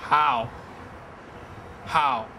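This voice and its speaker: A man's voice: extremely slow, noisy background. A young man from in a comedy sketch, asking himself "how" over and over in disbelief. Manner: incredulous, repeatedly asking how. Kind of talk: comedy sketch, mock self-questioning.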